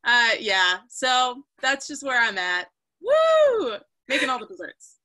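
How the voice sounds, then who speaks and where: A woman's voice: a little high, normal speed, pushed and bright. A young woman chatting casually on a video call, rambling in an upbeat way. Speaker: cast member.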